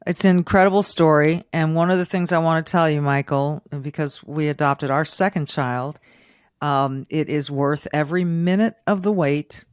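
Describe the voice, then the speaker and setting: A woman's voice: deep voice, fairly even intonation, moderate pace, clear, resonant tone, no echo. Middle-aged woman host, emotional and rambling, dry close sound. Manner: emotional, warm and rambling with restarts. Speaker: podcast host. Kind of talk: interview.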